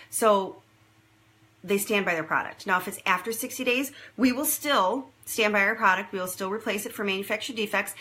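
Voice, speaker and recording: A woman giving a chatty, enthusiastic sales pitch as a jewelry consultant, often checking in with listeners with "okay?". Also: bright, forceful tone, low-quality recording.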